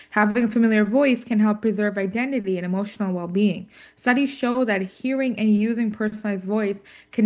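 A woman's voice: medium pitch, darkish tone. A woman co-hosting a scripted podcast chat, reading with fillers and small stumbles and making playful asides. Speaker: co-host.

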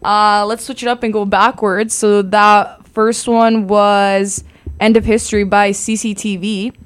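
A woman's voice: medium pitch, little pitch movement, measured pace, clear, resonant tone. A young woman hosting a campus radio show in casual chat, leading the talk and laughing easily, on a studio microphone.

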